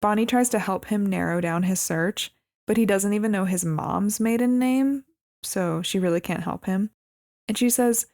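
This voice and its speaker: A woman co-hosting a movie podcast, walking through the story in casual chat. Her voice is mid-pitched with a steady gravelly fry. She adds wry, amused remarks about how odd the plot is. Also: normal speed. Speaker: podcast co-host.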